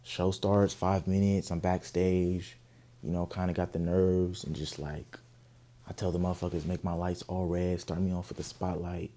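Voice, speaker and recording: A young man from Oakland, telling a story in an interview, animated, profane and emphatic. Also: sits low, normal speed. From Oakland, California. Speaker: guest artist.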